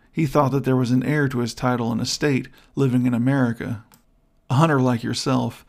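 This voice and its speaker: A man reading the part of a cold, vengeful young nobleman in an audiobook, arguing in a smooth, persuasive, measured way with a gravelly voice. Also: mid-range voice, a little mellow, natural voice. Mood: scheming. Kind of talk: audiobook character voice.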